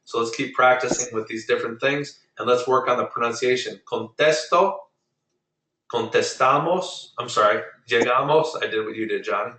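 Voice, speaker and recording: A man's voice: mid-range voice, little pitch movement, fast talker, few pauses, sharp tone, reverberant, recorded from a distance. A man teaching Spanish to an online class, patiently explaining rules step by step and drilling pronunciation.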